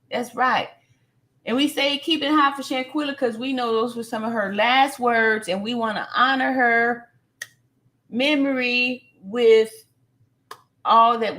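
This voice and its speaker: A woman's voice: a little high, a bit bright. A woman hosting a casual live stream, reading viewer comments aloud and repeating phrases for emphasis, with plenty of fillers.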